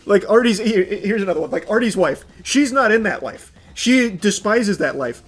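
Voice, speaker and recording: Swearing a lot and laughing frequently, a young man streams an animated, casual rant. He speaks at a moderate pace in a high-pitched, slightly rough voice.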